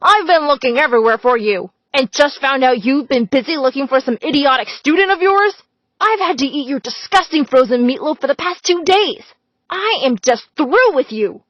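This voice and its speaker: A woman voicing a fed-up middle-aged husband who shouts his complaints. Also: sits high, expressive, normal speed, dry recording, voice pushed up. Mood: angry. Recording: slightly dull, dry recording.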